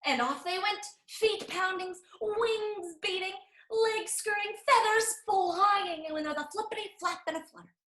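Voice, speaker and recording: A woman reading a picture book aloud to children in an expressive storytime voice. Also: very high-pitched, unhurried, few pauses. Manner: animated, expressive. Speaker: storytime reader. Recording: roomy echo.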